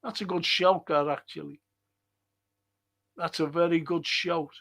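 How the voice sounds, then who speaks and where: Middle-aged guy on a football stream, talks real slow, swears a lot, blunt. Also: a little high, fairly even intonation, gravelly, a bit bright. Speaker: football podcast host. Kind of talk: casual livestream chat reading viewer comments.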